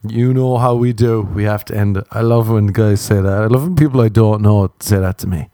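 A man's voice: brisk, mellow, no echo, studio quality. A young Irish man telling self-deprecating comic stories in a casual monologue. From Ireland. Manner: self-deprecating, jumps into silly high voices for quotes.

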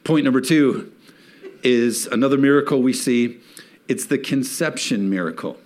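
A man's voice: mid-range voice, moderate pace, darkish tone. A man preaching a sermon in a church, reading scripture and rising to emphatic peaks as he calls on the congregation to respond. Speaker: pastor.

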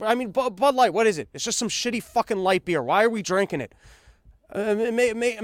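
A man's voice: sits high, no echo, studio quality. A man hosting a podcast, ranting casually and sarcastically with lots of swearing and stammered restarts. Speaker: podcast host.

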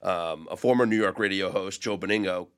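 A man's voice: deep voice, brisk, a bit bright, clear, resonant tone. A man on a sports betting podcast panel, giving long, detailed explanations in casual chat.

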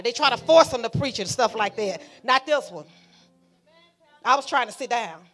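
Bright fiery woman pastor. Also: a little high, expressive, normal speed, faint music behind. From Alabama. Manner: fiery, preaching with call-and-response. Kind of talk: sermon.

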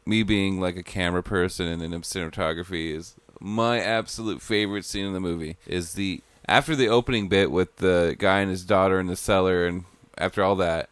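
A man with a low voice chats casually about films. He talks enthusiastically and in long, running sentences. The recording is dry and close. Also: fairly even intonation, brisk, few pauses, clean tone, no room sound. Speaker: camera operator. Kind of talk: casual chat, film review.

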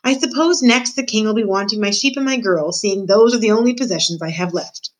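A woman's voice: mid-range voice, fairly quick, pitched above the performer's own voice, lightly acted. A woman voicing a grumpy, poor old uncle who complains indignantly. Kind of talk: storybook reading.

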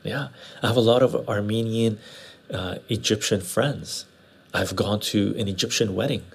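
Casual livestream host, a man from Western Canada, low husky voice, rambling and chatty. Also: fairly even intonation, moderate pace. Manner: rambling, conversational, often tags "right?". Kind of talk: casual livestream chat answering viewer comments. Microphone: lapel mic.

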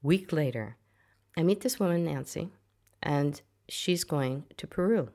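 A woman's voice: sits low, animated, measured pace, mellow. A middle-aged woman, a psychotherapist, telling a personal story in an interview in an earnest, reflective way, repeating phrases for emphasis. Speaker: psychotherapist guest. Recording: music playing under the voice.

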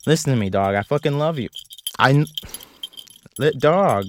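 A man's voice: mid-range voice, lively intonation, normal speed, pauses often, a little hiss or hum. Profane rambling young man podcasting. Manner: profane, self-mocking, jokey rambling. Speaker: podcast host. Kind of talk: rambling solo podcast chat. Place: closet. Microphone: close studio mic.

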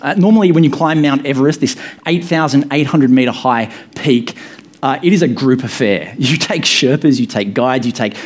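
A man's voice: medium pitch, moderate pace. A man in his thirties, a pastor, giving a sermon in a casual, good-humoured way with many fillers. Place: church hall with echo.

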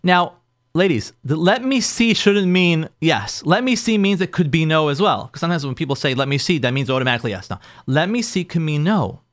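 A man who hosts an advice show as a rabbi talks in a fairly high voice that swings widely in pitch. He makes each point emphatically, repeating himself and acting out what spouses say. The sound is dry, with no room echo. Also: big pitch swings, fairly quick. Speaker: rabbi and show host giving marriage advice. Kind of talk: advice talk to listeners.

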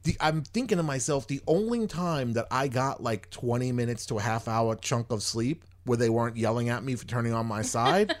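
A man's voice: medium pitch, normal speed, few pauses. A man hosting a podcast, telling a long story in casual chat, rambling and exasperated, swearing freely. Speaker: podcast host.

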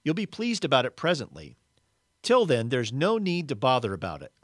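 A man voicing a serene, kindly male spirit who talks calmly and patiently. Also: mid-range voice, moderate pace, no room sound, studio quality. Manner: calm, patient, reassuring.

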